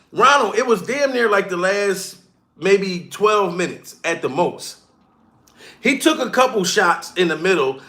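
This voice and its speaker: A comedian streamer with a high, bright, forceful male voice rants on a live stream, cursing and mocking as he calls out to his chat. The rant is heated, profane and full of ridicule.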